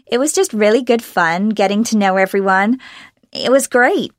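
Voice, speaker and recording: A woman's voice: mid-range voice, moderate pace, no room sound. Young woman, American accent, bubbly, laughs a lot, dry close sound. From Los Angeles, USA. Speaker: actress being interviewed. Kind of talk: casual interview answers.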